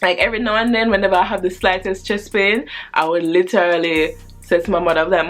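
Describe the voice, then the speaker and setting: A woman in her twenties telling a personal story on her casual vlog, animated and chatty, with slang and swearing. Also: medium pitch, quick pace. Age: 20s.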